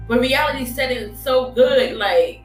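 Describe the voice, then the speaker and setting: A woman's voice: a little high, unhurried, soft background music. A young woman telling a candid personal story, bluntly and emotionally, swearing and laughing often. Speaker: storytelling host. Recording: echoey room, voice far from mic.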